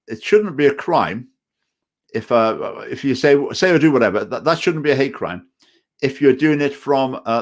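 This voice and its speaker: A man with a Stoke-on-Trent English accent, chairing a party and answering viewer comments in a casual live stream, hesitant and often repeating words. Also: medium pitch. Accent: Stoke-on-Trent English with some Scottish phrases. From England. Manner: hesitant, repeats words, digressive opinionated talk.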